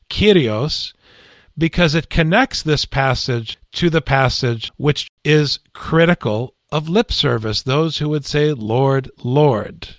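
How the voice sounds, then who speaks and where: A male priest explains scripture slowly and with emphasis, stressing each point. His voice sits a little high for a man. The sound is dry and close, with no room around it. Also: a bit bright, no echo. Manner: deliberate, emphatic teaching. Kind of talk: Bible study discussion.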